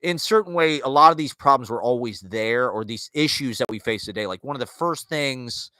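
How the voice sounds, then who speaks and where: Man, bright forceful voice, casual rambling monologue, lots of fillers and restarts, dry close sound. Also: medium pitch, lively intonation, brisk, no room sound. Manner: rambling, filler-heavy, restarts, wry asides. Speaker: podcast host. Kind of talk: casual monologue on literature and culture.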